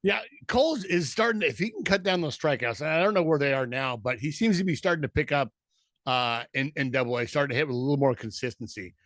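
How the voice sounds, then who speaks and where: A man co-hosting a podcast, chatting casually about baseball in a halting way that repeats words. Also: a little high, lively intonation, a bit bright, no room sound, clean studio sound. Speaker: podcast co-host. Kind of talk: casual sports chat.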